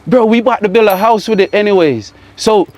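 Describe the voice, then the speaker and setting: A man's voice: sits high, a little fast, darkish tone. An American man in a comedy sketch, talking street slang and calling his coworker "bro" as he tries to persuade him. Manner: calls everyone "bro", persuasive.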